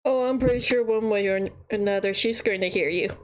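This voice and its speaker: A woman's voice: medium pitch, brisk, a little hiss or hum, poor audio. A woman chatting casually as a player at a tabletop game, teasing and reassuring. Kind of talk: casual chat.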